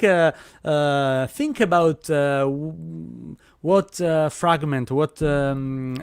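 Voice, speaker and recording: A man's voice: medium pitch, no room sound, clean studio sound. A man hosting a live online event over a video call, speaking English as a with frequent fillers and restarts. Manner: hesitant, many fillers and restarts. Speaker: host.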